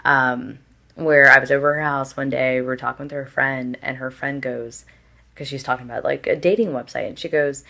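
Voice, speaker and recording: A woman's voice: very deep voice, steady tone, normal speed, gravelly, pushed and bright. A young woman chatting candidly as a podcast guest, full of filler words and casual swearing.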